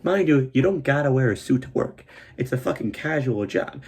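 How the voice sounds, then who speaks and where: A man telling a comic story about an old job, swearing a lot and acting out what people said in a raised, excited voice. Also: normal speed, slightly rough. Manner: animated, swears a lot, acts out quotes in a higher voice. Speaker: comedian host telling a story. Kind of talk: profane comedic storytelling.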